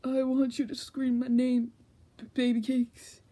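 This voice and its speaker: A woman voicing a lazy, flirty male skeleton with a gruff voice in a comedic fanfic reading. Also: high voice, level tone, mellow. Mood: lazy flirting. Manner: slow lazy drawl.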